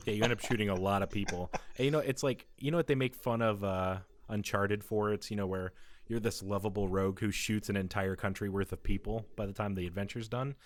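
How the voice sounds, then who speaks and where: Male co-host, low-ish voice, jokey and enthusiastic. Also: steady tone, fairly quick. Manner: enthusiastic, joking. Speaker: podcast co-host. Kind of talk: casual gaming podcast chat.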